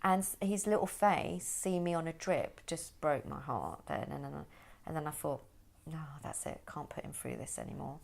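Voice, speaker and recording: A woman's voice: sits low, normal speed, creaky, hardly any pauses. A woman who is a podcast guest, vividly retelling a personal story and acting out the people in it. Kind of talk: personal conversation.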